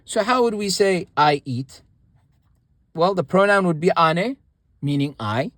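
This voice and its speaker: Male language teacher, fairly high voice, dry close sound, rambling explainer with lots of fillers. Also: animated, unhurried, long pauses, no echo. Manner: rambling, many restarts and fillers, repeats example words. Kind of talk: casual explanatory lesson.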